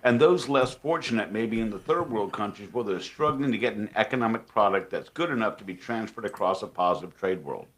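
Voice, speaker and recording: A man hosting a podcast and reading out listener questions, chatting in a lively, jokey way and laughing often. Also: on the low side, brisk, hardly any pauses. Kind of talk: casual podcast chat.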